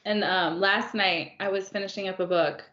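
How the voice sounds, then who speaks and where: A woman's voice: medium pitch, steady tone, normal speed, a bit bright. Laughing woman in an echoey room. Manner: laughs often while telling stories. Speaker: podcast co-host. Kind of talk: casual book chat. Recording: roomy, dull lo-fi sound.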